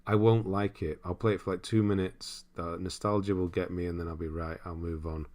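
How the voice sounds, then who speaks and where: A young man with a deep, low-pitched voice hosts a relaxed livestream. He reads out viewer comments and muses on them in a loose, rambling way, chuckling often as he goes. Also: a little fast. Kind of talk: casual live-stream chat.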